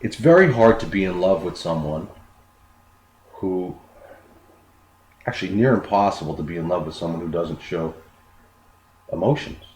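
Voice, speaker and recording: A man's voice: deep voice, animated, moderate pace, pauses often, darkish tone. A man giving an unscripted self-improvement talk, earnest, often repeating words as he explains. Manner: earnest, repeats words, acts out quoted dialogue. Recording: echoey room with faint noise.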